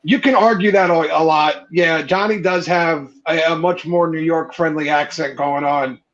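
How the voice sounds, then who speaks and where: A man's voice: on the high side, steady tone, moderate pace, highs cut off, a little hiss or hum. A man with a New Jersey accent, a guest talking earnestly and easily in a casual video-call chat.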